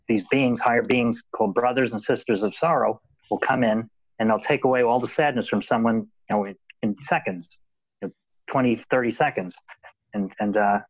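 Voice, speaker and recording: A man's voice: fairly low pitch, no room sound. Man rambling with many restarts, dull audio. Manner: rambling, repeats words often. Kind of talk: casual conversation. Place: Los Angeles.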